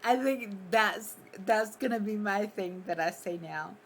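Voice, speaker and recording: A woman livestreamer chatting casually and rambling through a story, breaking into giggles all the time. She takes her time, speaking at an unhurried pace in a mid-range voice, with faint noise in the background. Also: medium pitch. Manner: laughs often, giggly, rambling.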